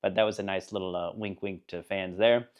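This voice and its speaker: A man's voice: deep voice, steady tone, fairly quick. A man giving a casual spoken book review, rambling and enthusiastic, laughing now and then at the funny parts.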